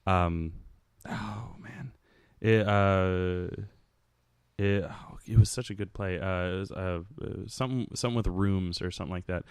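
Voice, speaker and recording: A young man co-hosting a casual chat show, teasing his friends and telling stories with many halting fillers. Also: low voice, fairly even intonation, a little mellow, clean tone, no room sound, studio quality. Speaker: podcast co-host.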